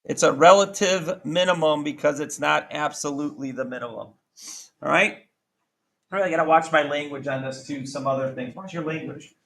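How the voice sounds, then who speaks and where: Casual male math teacher, higher voice. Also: moderate pace, vocal fry, fairly bright tone. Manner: casual, self-correcting, asks the class questions. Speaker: high school math teacher. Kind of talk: classroom lecture.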